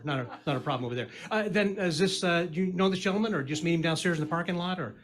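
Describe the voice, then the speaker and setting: A man's voice: fairly high pitch, racing, few pauses. A man doing a comedy magic act on a live stage, trading corny puns and banter with the audience. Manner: corny punning patter, chatty, teasing the crowd.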